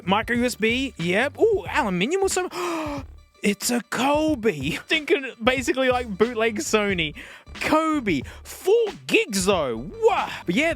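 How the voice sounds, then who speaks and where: A man, reviewing old music players on camera in a casual, excitable way, laughing and talking to the device. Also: high-pitched. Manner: excitable, animated, laughs often, talks to the device. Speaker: tech YouTuber.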